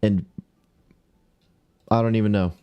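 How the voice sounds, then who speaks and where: A man's voice: on the low side, fairly even intonation, unhurried, warm tone, clear, resonant tone. A man livestreaming a game, talking to himself and greeting viewers, mildly exasperated as he searches around. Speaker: streamer. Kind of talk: casual live game commentary.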